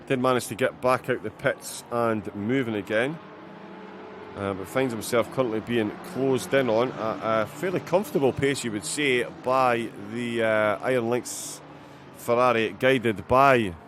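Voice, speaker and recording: A man with a Scottish accent giving live commentary on a sim race, with many fillers and bursts of excitement at incidents. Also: mid-range voice, measured pace, a little hiss or hum.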